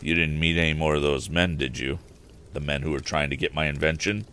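A man's voice: extremely low pitch, fairly even intonation, brisk, sharp tone, clear, resonant tone. A man voicing a kindly older inventor father in a storybook, speaking mildly. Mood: fatherly.

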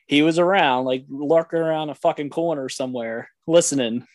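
A man's voice: on the high side, brisk, dry recording. A man in his thirties on a podcast, telling funny family stories with laughter and casual swearing. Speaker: podcast co-host.

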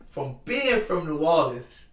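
A man's voice: a little high, very animated, takes it slowly. A man from the Southern United States hosting a podcast, asking laid-back, slangy questions and laughing along. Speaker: podcast host. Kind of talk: casual interview. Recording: echoey, distant from the mic.

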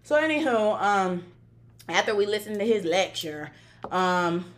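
Animated American woman telling a story. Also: mid-range voice, a little slow. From United States. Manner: animated, laughs often, acts out quotes. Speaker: podcast co-host. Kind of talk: casual storytelling chat.

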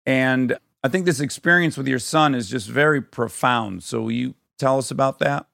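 A man's voice: mid-range voice, moderate pace, vocal fry, fairly bright tone. A man hosting a podcast who chats casually, laughs along and asks open questions. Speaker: podcast host. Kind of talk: casual interview chat.

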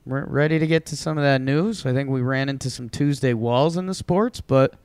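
A man's voice: medium pitch, fairly quick, a little mellow, smooth, no room sound. A man co-hosting a podcast, easygoing, mostly giving short agreeable replies. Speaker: podcast co-host. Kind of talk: casual podcast chat.

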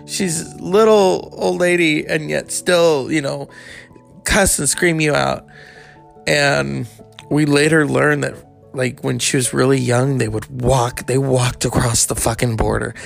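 A man telling a candid personal story in a rambling, casual way, swearing freely and adding animated asides. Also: medium pitch, a little slow, vocal fry, soft background music.

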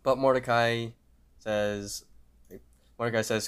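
A man's voice: lowish voice, little pitch movement, measured pace, pauses often, smooth. A man co-hosting a podcast, casually retelling a cartoon episode and acting out the characters' lines. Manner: retells scenes, acting out quotes loudly. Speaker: podcast co-host.

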